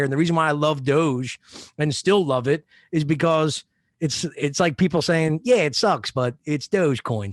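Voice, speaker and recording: A man's voice: on the high side, dry recording, studio quality. A man co-hosting a podcast in casual chat, rambling and swearing freely. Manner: rambling, profane, laid-back. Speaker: podcast co-host.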